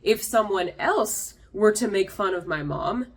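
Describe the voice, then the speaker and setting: A woman's voice: mid-range voice, animated, unhurried. A woman hosting a comedic commentary video with a wry, sarcastic delivery. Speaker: host.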